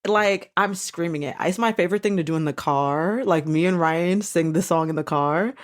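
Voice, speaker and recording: A woman hosting a podcast in casual chat, animated, swearing now and then and breaking into bits of songs. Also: on the low side, normal speed. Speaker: podcast host.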